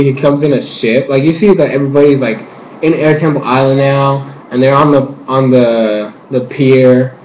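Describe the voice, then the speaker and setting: Excitable young man, roomy lo-fi sound. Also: medium pitch, a little hiss or hum. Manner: excitable, full of fillers and sudden squealed quotes. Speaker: episode reviewer. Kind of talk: excited casual recap.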